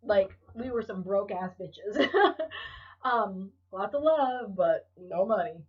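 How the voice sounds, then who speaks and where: Husky woman rambling on her podcast, swears a lot, sounds kinda far from the mic. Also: mid-range voice, animated, slow, muffled recording. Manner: emotional, profane, rambling with restarts. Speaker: podcast host. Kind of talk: candid solo podcast monologue.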